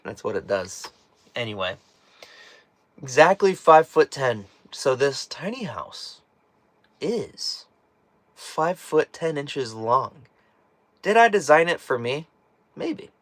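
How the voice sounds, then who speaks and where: Brief: chatty, jokey man on a live stream, voice prone to cracking, dry close sound, middle pitch. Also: very animated, takes it slowly, long pauses, a bit bright, no echo. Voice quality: voice cracks at times. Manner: chatty, jokey, laughs often. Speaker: host reading a live chat. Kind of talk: casual live-stream chat. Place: inside a small tiny house.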